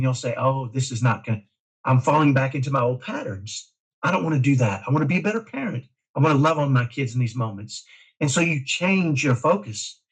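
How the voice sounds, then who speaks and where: A middle-aged man from Dallas, a parent guest talking in an emphatic, energetic way in a casual interview. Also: on the high side, slightly rough, low-quality recording. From Dallas, Texas. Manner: energetic, emphatic, self-described type A.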